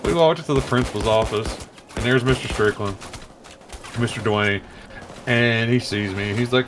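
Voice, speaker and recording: A man's voice: mid-range voice, normal speed, pauses often, noisy background. A man telling a profane story casually while streaming a game, acting out the voices of the people he quotes. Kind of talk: casual storytelling over gameplay. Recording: loud background music.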